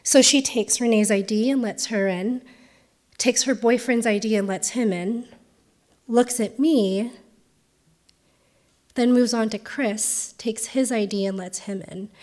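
Californian woman, late twenties, slightly high voice, conversational personal storyteller with frequent ums. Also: measured pace, long pauses, darkish tone. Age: 20s.

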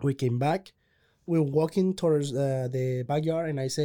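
A man, excitedly telling a story in casual chat, repeating words and restarting. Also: a little high, moderate pace. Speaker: pedicab driver telling a story.

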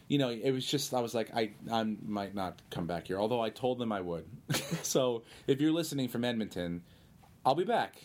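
Animated storytelling male comedian. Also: mid-range voice, moderate pace, background noise. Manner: animated, rambling anecdotes with quoted voices. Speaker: comedian guest. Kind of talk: casual storytelling interview.

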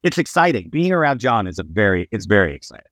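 A middle-aged man chatting on a podcast, his pitch swinging widely as he tells stories and acts out quotes. The sound is dry and close. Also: quick pace, no room sound. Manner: animated storyteller, acts out quotes. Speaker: guest musician. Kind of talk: casual podcast chat.

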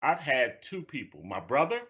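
A man's voice: medium pitch, big pitch swings, moderate pace, pushed and bright. A man speaking as a guest on a video call, earnest and urgent, repeating himself for emphasis. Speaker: guest, head of a national youth organization. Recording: dull video call audio.

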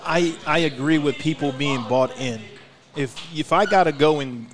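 A former player talking in a casual podcast chat, emphatic and fired up, swearing freely, recorded live at a restaurant. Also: male voice, a little high, normal speed.

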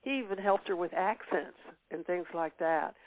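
A woman's voice: lowish voice, normal speed, no echo. An older woman chats as an interview guest, reminiscing at length with plenty of "uh"s and easy laughter. Her voice comes through a tinny, phone-like line, dry and close, with no room sound. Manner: reminiscing, warm laughs, many fillers. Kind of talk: casual interview chat.

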